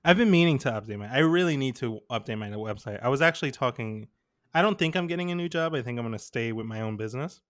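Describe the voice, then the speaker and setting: A man's voice: medium pitch, animated, fast. A young adult man, a podcast co-host, chatting casually and telling stories in a rambling way full of fillers. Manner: rambling, filler-heavy storytelling. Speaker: podcast co-host, graphic designer.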